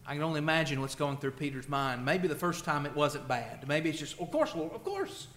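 A man preaching a sermon in a church. He is emotional, swelling loud on scripture and then dropping soft. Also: fairly high pitch, brisk, echoey room, a little hiss or hum. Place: church sanctuary.

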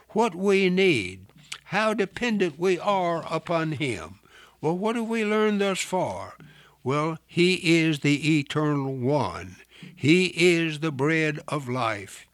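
A man preaching a radio Bible lesson in a slow, earnest, deliberate way. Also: a little high, a bit bright, no room sound. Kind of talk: sermon.

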